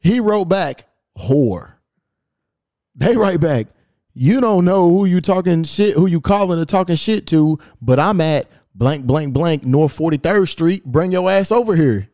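A man's voice: on the high side, lively intonation, unhurried, dark tone, no room sound, studio quality. Profane, amused podcast host, man. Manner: profane, amused, quotes texts aloud. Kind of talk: casual storytelling chat.

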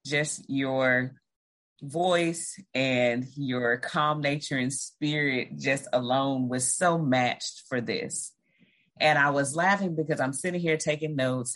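A woman host with a notably low voice speaks very slowly. She reflects on what her guest said in loose, casual sentences. Her talk is full of fillers like "um" and "like". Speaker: podcast host. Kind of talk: casual interview reaction.

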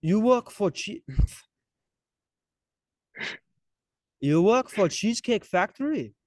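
A man putting on the voice of an upset restaurant customer, high, loud and exaggerated. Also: very animated, very slow, no room sound, clean studio sound, exaggerated voice. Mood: indignant. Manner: shouty, exaggerated.

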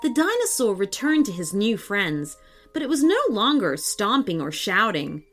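A woman storyteller narrating a children's story in an expressive, lilting way. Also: mid-range voice, moderate pace. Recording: soft background music.

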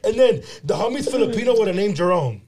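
A young man with a high voice co-hosts a casual podcast chat. He tells his stories in an animated, slangy way, laughing as he goes. Faint clicking sounds run under the recording. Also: quick pace, background noise. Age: young adult. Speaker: podcast co-host.

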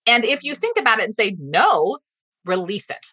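Fast-talking woman, bright and dry. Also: fairly high pitch, breathy edge, dry recording. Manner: fast-talking, animated storyteller. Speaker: guest speaking coach. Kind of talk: podcast interview.

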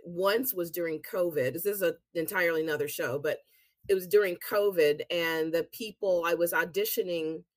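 A woman guest, a singer and actress, telling stories in a casual interview with animated, laughing delivery. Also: on the low side, normal speed, no room sound. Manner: chatty, animated storytelling with laughs.

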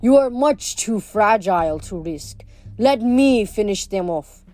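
A woman's voice: medium pitch, expressive, moderate pace, mellow, faint music behind, natural voice. A woman reading aloud, voicing a scornful male villain with a put-on French accent. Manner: stiff, scornful.

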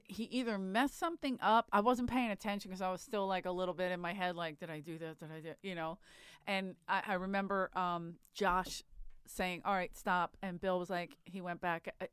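A woman's voice: fairly low pitch, little pitch movement, normal speed, fairly bright tone, smooth, no room sound, clean studio sound. A woman comedian, a guest on a podcast, telling rambling, profane stories in casual chat.

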